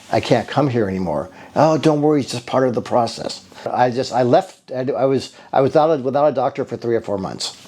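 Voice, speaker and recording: A man's voice: mid-range voice, warm tone. A man telling his own patient story in a casual, rambling and earnest way. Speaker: bodywork therapist giving a patient testimonial. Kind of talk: casual spoken testimonial.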